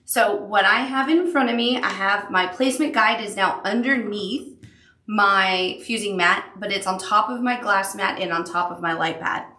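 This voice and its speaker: A woman's voice: mid-range voice, moderate pace, pushed and bright, echoey room. A woman teaching a sewing machine appliqué tutorial, upbeat and encouraging as she talks the viewer through each step. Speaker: quilting instructor.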